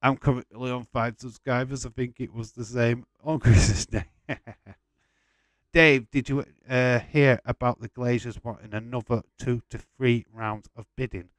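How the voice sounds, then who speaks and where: A man's voice: medium pitch, steady tone, a little slow, no room sound. A man hosting a casual live watch-along stream, chatting loosely with frequent swearing and rambling restarts. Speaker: livestream host.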